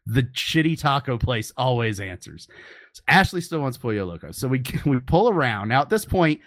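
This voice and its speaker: Animated, exasperated storytelling man. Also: medium pitch, normal speed. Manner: animated, exasperated, swears freely. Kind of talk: comedic storytelling.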